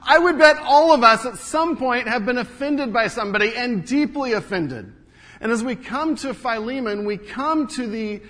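High-voiced male pastor in reverberant hall. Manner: storytelling, swings from raised to hushed. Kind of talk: sermon.

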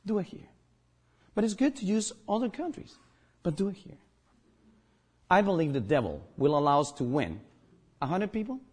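A man's voice: sits high, very animated, moderate pace, pauses often, darkish tone, slightly rough. A man from Guatemala with a Guatemalan accent, a native Spanish speaker, preaching a sermon as pastor, emphatic and joking.

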